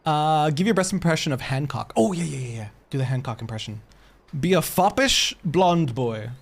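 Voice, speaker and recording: A man chatting casually on a live stream while gaming, excitable and quick to laugh. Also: on the high side, vocal fry.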